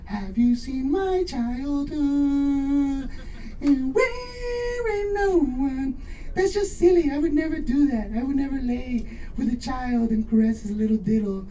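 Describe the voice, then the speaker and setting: A man doing a high, pleading impression of a famous male pop singer during a stand-up set. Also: lively intonation, slow pace, mellow, distant mic, full character voice.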